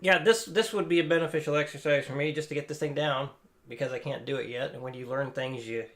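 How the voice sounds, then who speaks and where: A man's voice: medium pitch, steady tone, fast talker, fairly bright tone. A man hosting a live stream, reacting casually to a guitar lesson video in a loose, rambling way and swearing now and then. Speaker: guitar teacher and stream host. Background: electric guitar playing.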